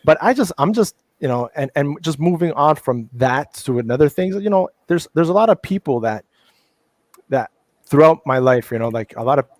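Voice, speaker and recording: A man's voice: a little high, animated, normal speed, no room sound. A middle-aged man speaking in a casual panel discussion, heated and profane, often restarting his sentences.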